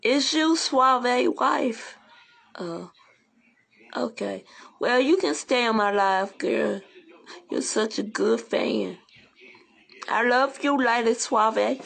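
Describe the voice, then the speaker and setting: A woman's voice: fairly high pitch, slow pace, gravelly, long pauses, a bit bright, slightly rough. A woman ranting bluntly and profanely in a casual livestream, rambling from one complaint to the next.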